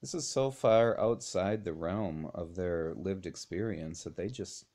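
A man giving an informal Bible lesson in a conversational way, chuckling often and pausing with fillers and restarts. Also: deep voice, mellow. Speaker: Bible study teacher.

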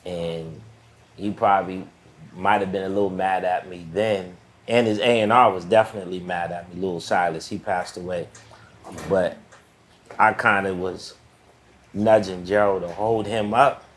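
A man's voice: deep voice, steady tone, normal speed, a little hiss or hum. A man in his fifties, a podcast guest from the Boston area, telling stories in a laid-back, reflective way with trailing phrases. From United States (Boston area). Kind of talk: casual storytelling.

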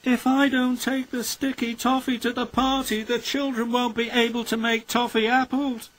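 A man's voice: extremely high pitch, little pitch movement, normal speed, a bit bright, pitched above the performer's own voice. A man voicing a fretful, worried male tram engine in a storybook reading. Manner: pleading, worried. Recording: music playing behind.

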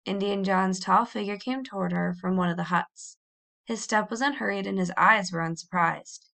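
A woman reading a children's novel aloud in a measured, expressive storybook narration. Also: medium pitch, creaky. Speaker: audiobook reader.

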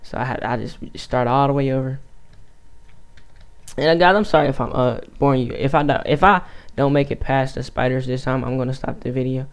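A man's voice: mid-range voice, fairly even intonation, fairly quick, clear, resonant tone. A man giving casual, rambling gameplay commentary on his home mic, stuttering and restarting his sentences. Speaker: YouTube gamer.

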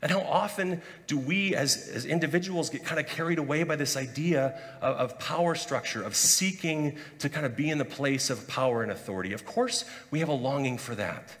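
A man preaching a conversational sermon as pastor, lively and chatty, acting out quoted voices with humor. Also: fairly high pitch, a little fast, hardly any pauses, in a large hall. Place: church sanctuary.

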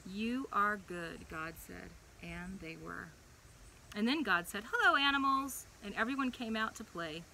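A young woman leading a preschool chapel, reading a Bible story to young children in a playful, animated way. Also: medium pitch, measured pace, creaky, slight background noise, rough recording.

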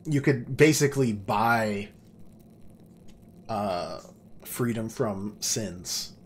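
A man's voice: lowish voice, lively intonation, drawn-out words, slight background noise. A man doing casual gameplay commentary as a let's play host, making joking, offhand remarks.

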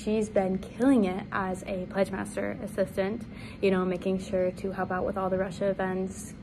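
A woman's voice: medium pitch, vocal fry. Earnest young woman, noisy recording. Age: young adult. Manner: earnest, halting, with fillers. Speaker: fraternity sister announcing an award. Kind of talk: spoken tribute message.

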